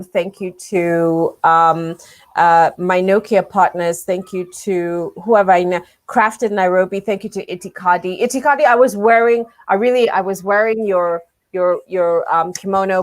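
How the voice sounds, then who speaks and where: Gushing woman hosting a podcast. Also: medium pitch. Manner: effusive, gushing, restarts a lot. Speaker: podcast host. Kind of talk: casual chat.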